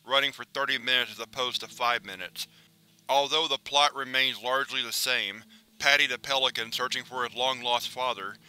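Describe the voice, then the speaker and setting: A man reads out a formal document in measured scripted narration. His voice is very bright and clean-edged, at a middle pitch. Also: smooth.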